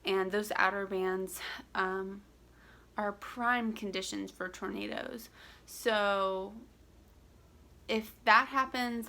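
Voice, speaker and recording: Bright-voiced young woman vlogging casually. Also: medium pitch, creaky. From Central Florida. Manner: rambling, full of "like" and restarts. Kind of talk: casual chat to camera. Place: home in Florida.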